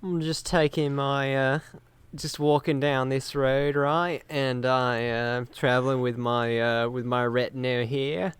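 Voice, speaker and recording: A man's voice: medium pitch, fairly even intonation, unhurried, hardly any pauses, clear, resonant tone, dry recording, natural voice. A man voicing a boastful adventurer whose fake accent keeps drifting from Scottish to Bostonian. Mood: pompous.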